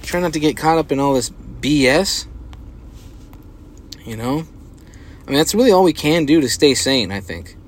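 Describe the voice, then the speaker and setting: A man's voice: fairly high pitch, expressive, normal speed, pauses often. A young man, a podcast host, talking casually on his own, rambling and swearing with lots of filler words. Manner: rambling, profane, heavy use of filler words. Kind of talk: casual solo podcast chat.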